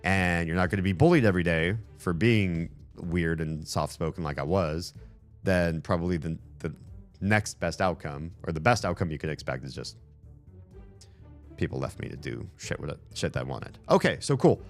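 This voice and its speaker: Deep-voiced man rambling over gameplay. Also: moderate pace, faint music behind. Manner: rambling, swears casually. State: losing his voice. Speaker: gameplay commentator. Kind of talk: casual let's-play commentary.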